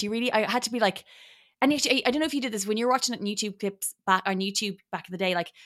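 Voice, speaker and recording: A woman, a podcast guest in casual chat, animated and laughing as she acts out little voices. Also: mid-range voice.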